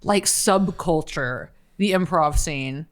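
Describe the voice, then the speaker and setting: A woman's voice: sits low, takes it slowly. A woman guesting on a podcast, teasing with crude humor in casual chat.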